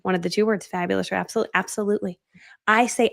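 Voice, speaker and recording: A woman's voice: medium pitch, fairly even intonation, fast, vocal fry. A middle-aged woman coaching on a live stream, telling her story animatedly and acting out the voices of the people in it. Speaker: online business coach.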